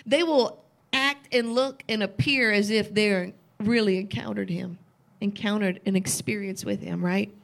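A woman's voice: mid-range voice, fairly even intonation, measured pace, creaky. A woman preaching a sermon with passion, repeating phrases and asking rhetorical questions, at times tearful.

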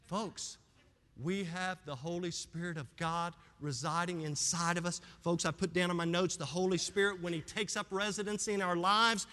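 A male pastor preaching in a church with a high, bright, forceful voice that carries through a long, echoing hall. He drops to a soft plea one moment and rises to fervent, loud preaching the next, sometimes running short of breath. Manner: swings from hushed pleading to loud fervent preaching. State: out of breath at times. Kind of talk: sermon. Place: church sanctuary with congregation.

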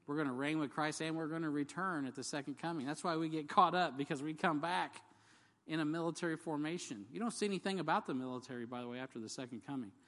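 A man's voice: fairly high pitch, fast talker, a bit bright. A man preaching a sermon in a conversational, jokey way, asking the congregation questions and reading scripture aloud. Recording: long hall reverb.

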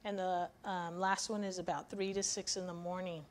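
A woman's voice: lowish voice, flat delivery, normal speed. A woman giving a weekly devotional sermon, teaching from the Bible in an earnest, emphatic way. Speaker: devotional speaker.

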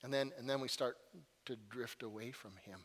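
A man's voice: medium pitch, normal speed. Earnest preacher man with a long reverb. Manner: earnest, repeats words, animated storytelling. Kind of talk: sermon.

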